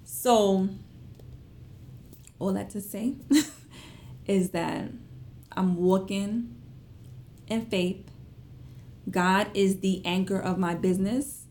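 A young woman telling viewers a personal story in an animated, chatty way, full of fillers and asides. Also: medium pitch, extremely slow, long pauses, a little hiss or hum. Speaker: vlogger.

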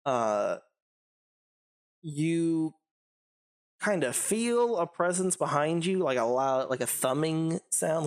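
Rambling game master, lots of fillers. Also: male voice, on the high side, animated, slow pace, long pauses. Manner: rambling, filler-heavy, laughs easily. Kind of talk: narrating a tabletop game.

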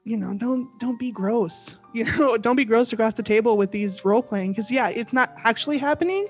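A woman's voice: fairly high pitch, fairly quick, faint music behind. A young woman chatting as a podcast guest, bubbly and giggly, with lots of fillers. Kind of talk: casual chat.

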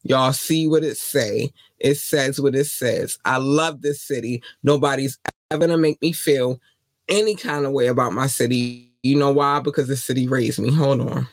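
In a medium-pitched voice at normal speed, with no echo, this Baltimore-accented man hosts a podcast from Baltimore, USA. He delivers a casual, passionate monologue, defiantly driving his points home again and again.

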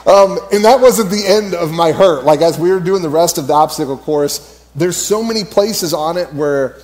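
A man's voice: a little high, normal speed, a little mellow. A man giving a casual, storytelling sermon at church, rambling with lots of fillers and frequent laughter. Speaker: church speaker.

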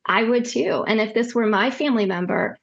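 A woman's voice: on the high side, fairly quick, lo-fi sound. Storytelling woman nurse practitioner. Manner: lively, acts out quoted dialogue. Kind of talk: casual storytelling.

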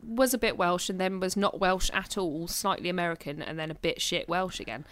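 A woman's voice: fairly low pitch, brisk, fairly bright tone. A woman co-hosting a podcast, reviewing a film in casual chat, sarcastic and swearing freely. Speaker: podcast co-host.

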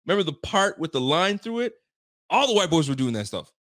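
A man hosting a casual live stream, reacting with incredulous, animated talk and frequent laughter. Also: fairly high pitch, fairly quick, no room sound, clean studio sound. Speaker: show host.

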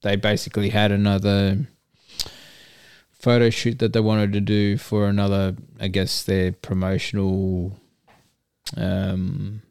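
A man, a podcast guest telling a story slowly and jokily, with many fillers. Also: fairly low pitch, completely flat delivery, darkish tone, smooth, dry recording, clean studio sound. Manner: slow, hesitant, jokey storytelling with many fillers. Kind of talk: casual podcast chat.

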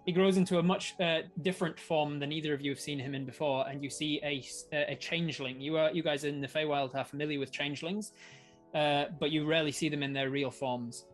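A man runs a tabletop game as game master, with a voice a touch high and an easy, animated delivery. He laughs often between the rolls. Faint music plays behind him. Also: quick pace.

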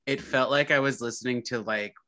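A young man, a podcast guest, chatting casually in an animated, rambling way with many restarts. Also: medium pitch, fairly quick. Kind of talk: casual chat.

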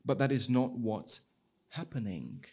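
Lively-voiced man preaching a sermon. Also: mid-range voice, a little slow, creaky, breathy edge. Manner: animated storytelling with acted-out dialogue. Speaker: pastor.

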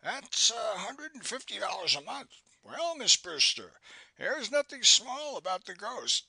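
A man's voice: sits high, sing-song, unhurried, creaky, pushed and bright, slightly rough, no echo, voice pushed up, heavily acted. A man reading an audiobook, voicing a powerful, amoral sea captain who speaks in a suave, teasing way.

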